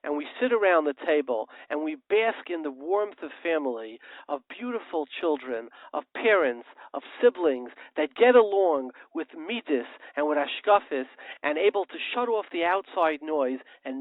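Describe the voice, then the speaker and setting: A man with a high-pitched voice delivers a passionate, sermon-like monologue as a radio host. He keeps asking rhetorical questions and slips into parables. The sound is thin and tinny, like a phone line, and very dry. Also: very animated, moderate pace, no room sound.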